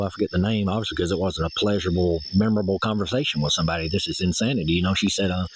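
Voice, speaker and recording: A man talks fast and low on a phone call. He rambles through his grievances and swears heavily. There is faint outdoor night noise around him. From Tennessee. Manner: rambling, aggrieved, swears heavily when angry. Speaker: caller.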